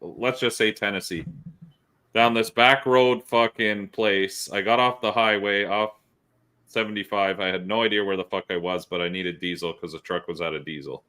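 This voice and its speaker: A man's voice: on the low side, moderate pace, smooth. A male podcast host, telling profane stories in casual chat. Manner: profane, animated storyteller.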